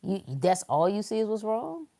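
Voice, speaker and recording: A woman, talking bluntly in a casual spiritual talk, swinging between loud emphasis and hushed asides. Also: mid-range voice, very animated, normal speed.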